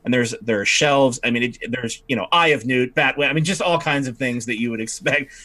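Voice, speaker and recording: A man's voice: mid-range voice, brisk, pushed and bright. A man narrating as game master, rambling with many fillers and restarts.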